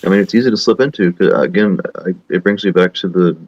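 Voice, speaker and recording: A man's voice: deep voice, fast talker, a little mellow, muffled recording. A man in his thirties hosting a casual online chat, thinking aloud in a rambling, thoughtful way. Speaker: host.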